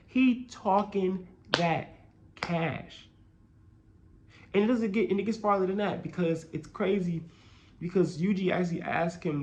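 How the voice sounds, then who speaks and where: A young man giving casual, excitable video commentary on a manga chapter, full of slang and asides, often trailing off into a low murmur. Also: normal speed, highs cut off.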